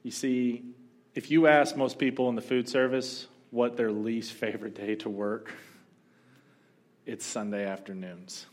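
A male pastor telling a story during a sermon, animated and joking now and then. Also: mid-range voice, measured pace. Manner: storytelling, animated, humorous asides.

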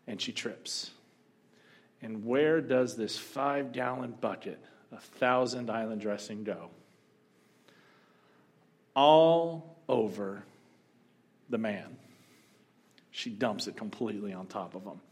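A male pastor telling a story during a sermon, animated and joking now and then. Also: medium pitch. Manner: storytelling, animated, humorous asides.

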